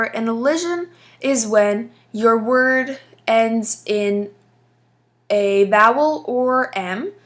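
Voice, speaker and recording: A woman teaching a lesson, explaining patiently step by step with frequent fillers. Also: on the high side. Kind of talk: casual classroom explanation.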